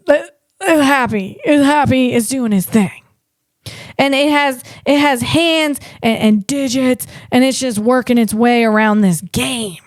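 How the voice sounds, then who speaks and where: A woman comedian hosting a tech podcast, talking in an animated way and tripping over her words. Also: sits high, unhurried, no room sound, studio quality. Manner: animated, stumbling over words, acts out voices.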